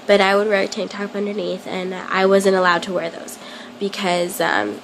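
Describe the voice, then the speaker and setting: A young woman telling a personal story to camera in a hesitant, halting way, full of ums. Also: medium pitch, level tone, gravelly, a little hiss or hum, low-quality recording. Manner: plain confessional telling. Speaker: vlogger.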